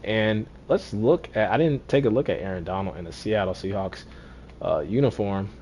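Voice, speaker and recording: Low-voiced man commentating his football game. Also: normal speed, a little hiss or hum. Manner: talks to himself, repeats phrases, swings between deflated and excited. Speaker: gaming streamer.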